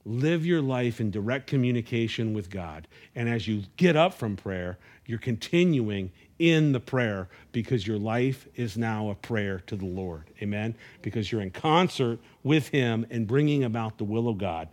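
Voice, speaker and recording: A man's voice: fairly low pitch, lively intonation, normal speed, few pauses, a little mellow. Man preaching an earnest sermon. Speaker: pastor.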